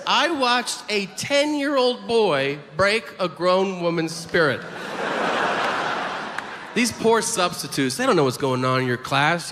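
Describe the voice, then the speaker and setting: A man performing a stand-up comedy set, telling profane stories and acting out the people in them. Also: high voice. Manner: animated storytelling, acts out voices, profane. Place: comedy venue stage. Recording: live club mic, hall reverb, audience noise.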